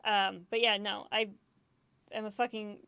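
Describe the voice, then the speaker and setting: A woman streamer talks in a loose, rambling way, swearing freely and laughing at herself. Her voice is smooth and clear, sitting at a middle pitch. The sound is dry and close, with little room around it. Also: little pitch movement, unhurried, pushed and bright, no echo. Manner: self-deprecating and emotional. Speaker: gaming streamer. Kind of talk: casual chat.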